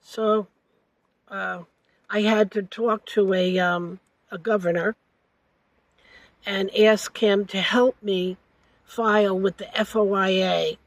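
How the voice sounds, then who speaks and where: An older woman telling a personal story at an unhurried, slow pace, pausing often on hesitations and correcting herself mid-sentence. Her voice sits at an ordinary middle pitch. The sound is close and dry, with no room echo. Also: steady tone. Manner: halting, with frequent hesitations and self-corrections. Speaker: interviewee.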